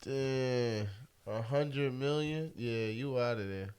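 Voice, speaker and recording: A man with a smooth, resonant voice speaks slowly on a podcast. He chimes in with short, casual reactions at a middle pitch. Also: darkish tone. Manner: slow, short reactive remarks. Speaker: podcast co-host. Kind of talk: casual chat.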